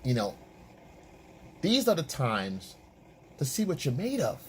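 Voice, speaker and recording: A man speaks in an emphatic, lecturing commentary style, repeating phrases as he drives each point home. His pitch sits in the middle but moves a lot. A faint background noise sits under his voice. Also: huge pitch swings, unhurried. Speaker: dating and relationship coach. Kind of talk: opinion commentary.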